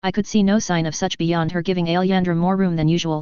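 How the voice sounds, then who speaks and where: A woman narrating a story in the first person with an even, measured delivery, in a dull, dry lo-fi recording. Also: lowish voice, smooth, no echo. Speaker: audiobook reader.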